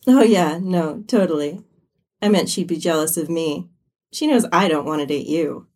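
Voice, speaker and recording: A woman's voice: low-pitched, normal speed, a little mellow. A woman voicing a weepy, lovestruck teenage girl who gushes tearfully to her friends. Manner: tearful, gushing.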